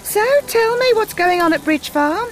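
A woman's voice: very high voice, expressive, normal speed, soft background music. An actress playing a chatty, nosy village woman in a radio drama, gossipy and full of exclamations. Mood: curious.

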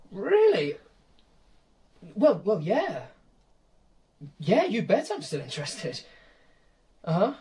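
A man's voice: sits high, a little mellow, heavily acted. An actor playing a cheerful young man in a radio drama who runs a sausage business. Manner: breezy, defensive. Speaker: sausage maker.

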